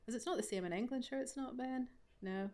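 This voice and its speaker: A woman's voice: a little high, fairly quick, warm tone. Chatty Northern Irish woman with a Ballymena accent. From Northern Ireland. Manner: chatty, self-deprecating, full of asides. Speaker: invited author speaking at a study day. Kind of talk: conversational Q&A answer.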